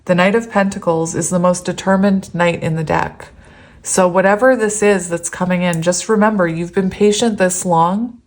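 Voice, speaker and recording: A woman's voice: fairly low pitch, steady tone, normal speed, a little mellow. A woman giving a casual tarot reading to viewers, chatty and rambling, laughing often between cards. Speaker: tarot reader.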